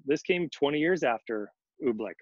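A man's voice: mid-range voice, expressive, moderate pace, no echo, lo-fi sound. A man co-hosting a children's reading, chatting easily and reading a storybook aloud. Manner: easygoing, chatty. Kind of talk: storybook read-aloud and chat.

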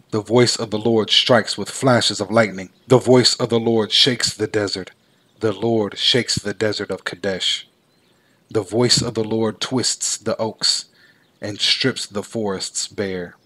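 A man giving a measured, solemn scripted reading of scripture. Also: lowish voice, a bit bright. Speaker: scripture reader.

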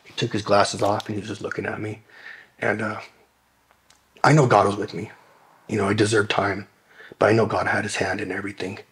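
A man recounts his personal testimony in an interview, his voice sitting a little low. He speaks earnestly and with emotion, circling back on himself with fillers and restarts as he talks. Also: little pitch movement, fairly quick, pauses often. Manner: rambling, full of fillers and restarts.

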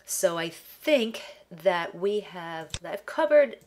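A woman's voice: on the low side, animated, a little hiss or hum. Nasal, congested woman reviewing a website. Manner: casual, halting, restarts words. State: congested from allergies. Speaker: web designer. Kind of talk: screen-share website review.

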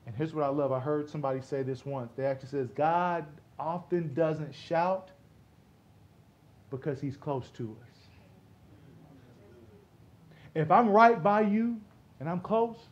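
High-voiced preacher who drops to a whisper. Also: male voice, unhurried, long pauses, highs cut off. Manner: swings from loud exclamations to soft near-whispers; playful, acts out imagined voices. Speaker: pastor. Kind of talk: sermon. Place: church sanctuary.

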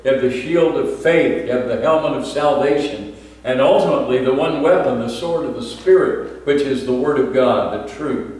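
Older male pastor, measured sermon delivery, heard from far off in a very echoey sanctuary. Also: mid-range voice, darkish tone. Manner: measured, explanatory, with frequent "uh" pauses. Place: church sanctuary. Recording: echoey church from far off, faint background hiss.

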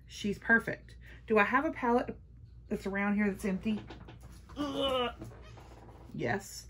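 A woman vlogger chatting casually through a makeup haul, gushing and playful, sometimes dropping to a hush. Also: mid-range voice, a little hiss or hum. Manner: gushing, playful, talks to her palettes.

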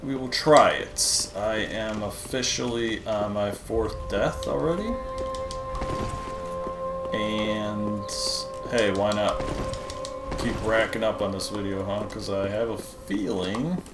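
A man's voice: lowish voice, steady tone, slow pace, long pauses, over loud music. A man hosting a gaming channel, chatting casually and poking fun at himself to viewers as he plays. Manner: self-deprecating, chatty, talking to viewers. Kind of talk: casual gameplay commentary. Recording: echoey room with noise.

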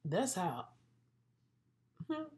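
A woman's voice: on the low side, huge pitch swings, drawn-out words, darkish tone, slightly rough. A woman vlogging her makeup routine in a playful, chatty way, talking straight to her viewers. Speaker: beauty vlogger. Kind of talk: casual makeup tutorial chat.

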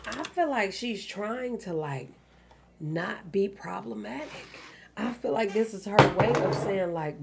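A woman's voice: mid-range voice, lively intonation, a little slow, creaky, noisy background. A woman hosting a reaction video, giving candid, profane commentary with lots of fillers. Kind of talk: casual commentary on a clip.

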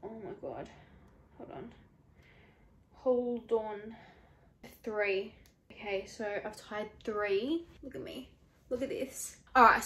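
At home in a room, a young woman vlogs casually, sweating and nervous, anxiously exclaiming and swearing as she talks. Her voice is fairly high, and the room is echoey with slight background noise.

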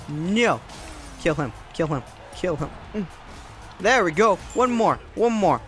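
A young man hosting his gaming channel, giving excited gameplay commentary, yelping, laughing and repeating words as he plays. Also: on the high side, measured pace. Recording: faint game music behind.

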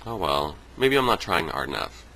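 A man venting on his video blog in a casual, animated way, swearing freely and mimicking other people in high voices. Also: normal speed, poor audio. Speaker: vlogger. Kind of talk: casual vlog rant.

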